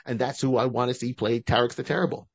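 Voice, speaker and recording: A man's voice: medium pitch, fairly even intonation, fast, slightly rough, dry recording. A man co-hosting a podcast, chatting casually and at length, often restarting his sentences. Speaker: podcast co-host. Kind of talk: casual fan-casting chat.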